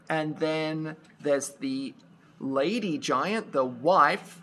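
Storytelling teacher, very slow and deliberate, bright clear tone, read-aloud lesson. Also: medium pitch.

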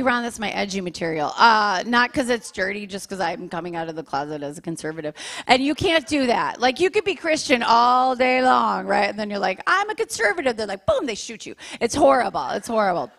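A woman in her forties performing a stand-up comedy set on stage, chatty and self-deprecating, with quick asides to the crowd. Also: a little high, vocal fry, a bit bright. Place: live comedy show in a church venue.

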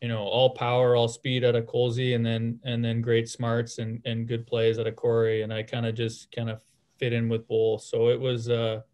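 A man in his thirties talks through his answers casually, piling up fillers and restarting his sentences. His pitch barely moves, giving a flat, level delivery that stays calm throughout. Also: moderate pace. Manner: relaxed, many fillers and restarts. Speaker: guest, former hockey player.

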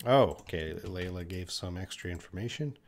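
A man's voice: low-pitched, animated, a little hiss or hum. A man teaching English in a live question-and-answer stream, reading viewer questions aloud and answering them patiently. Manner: slow, patient, reads viewer questions aloud then explains.

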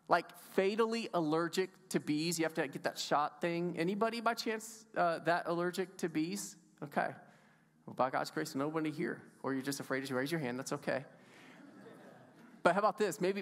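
Male pastor, high voice, sermon, conversational and emphatic, rhetorical questions, long church reverb. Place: church sanctuary.

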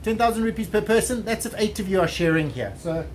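A man's voice: high voice, quick pace, poor audio. A man vlogging casually while touring boats, chatty and joking, thinking aloud as he walks. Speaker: travel vlogger. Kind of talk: casual chat. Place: outdoors at a busy waterfront boat show. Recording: faint background noise.

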